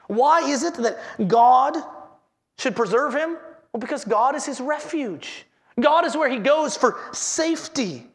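Gravelly-voiced pastor preaching. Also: male voice, very high voice, fairly bright tone. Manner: earnest preaching with repeated headings and questions to the congregation. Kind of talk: sermon.

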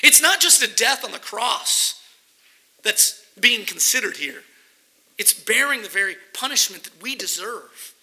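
A male pastor delivering an expository sermon, his voice pitched very high for a man and strikingly bright and sharp. He reads scripture verses aloud and then unpacks them with earnest emphasis. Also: animated, a little slow, low-quality recording.

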